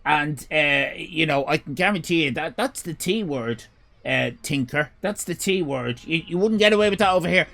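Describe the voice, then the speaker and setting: Irish man, livestream host, rambling chat, high lively voice, bright tone. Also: normal speed, creaky. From Ireland. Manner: rambling, swearing, bursts of shouting. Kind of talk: casual live-stream chat.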